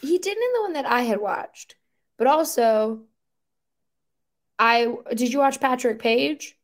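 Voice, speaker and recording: A woman chatting casually on a podcast, rambling and animated, with lots of filler words and incredulous outbursts. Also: a little high, slow.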